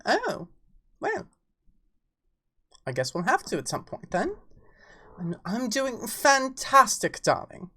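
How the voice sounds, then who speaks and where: A woman's voice: on the low side, a bit bright. A woman with an English accent chatting casually on a livestream, playful, greeting viewers as darling. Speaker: streamer.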